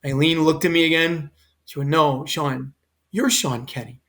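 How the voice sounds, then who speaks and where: A man's voice: a little high, fairly even intonation, normal speed, fairly bright tone. An older man, a former fire chief, telling an emotional personal story in earnest detail as a podcast guest. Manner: earnest, quotes others in his own voice.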